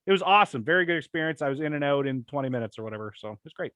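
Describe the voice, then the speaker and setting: A young man co-hosting a podcast, telling rambling crude stories and doing quick impressions in casual comedic chat. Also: fairly high pitch, a bit bright, clean tone, dry recording, dull audio. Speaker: podcast co-host.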